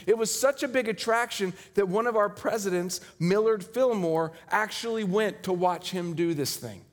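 A man preaching a sermon with a high voice, telling a story. He swings between loud and hushed delivery. A long reverb hangs on his words, as in a church hall. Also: normal speed. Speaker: pastor.

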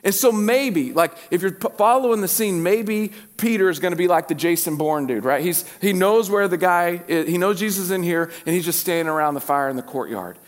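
A man preaching a sermon as pastor, telling a story and swinging between animated and hushed delivery. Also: high voice, brisk, few pauses.

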